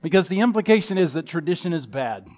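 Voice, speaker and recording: A man's voice: sits high, expressive, fast talker, a little mellow. A man in his fifties preaching a sermon in a folksy, humorous storytelling manner. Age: 50s. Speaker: pastor.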